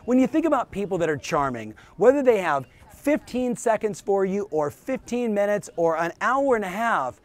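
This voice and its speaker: A male business coach delivers a motivational talk straight to the viewer. His voice sits high for a man and swings widely in pitch. He punches key phrases with emphatic energy. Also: big pitch swings, moderate pace. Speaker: real estate business coach and show host.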